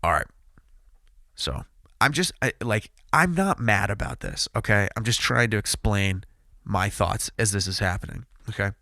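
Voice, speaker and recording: A man in his thirties hosts a casual podcast and recounts a racing crash with lively, swooping intonation. His voice is bright and forceful, full of casual profanity and acted-out quotes. The recording is dry and close. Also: on the low side, moderate pace, gravelly, dry recording. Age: 30s. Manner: animated, profane, acts out quotes; loud, excited retelling. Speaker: podcast host. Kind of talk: casual storytelling.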